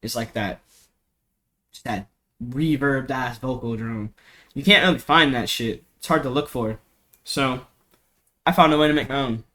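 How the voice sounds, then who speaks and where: A young man with a bright, slightly sharp voice talks through a home production tutorial. He rambles loosely, heavy on slang, fillers and swearing. He speaks into a cheap desk mic in a home studio. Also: medium pitch, unhurried, pauses often. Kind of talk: casual screen-recorded tutorial.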